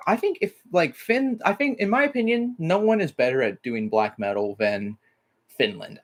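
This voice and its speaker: A man from Mississippi hosting a casual livestream, rambling with lots of "like" fillers and casual swearing. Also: mid-range voice. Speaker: livestream host.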